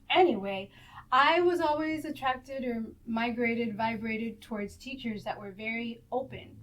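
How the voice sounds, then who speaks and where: A woman yoga teacher answering interview questions in a meandering, reflective way. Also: a little high.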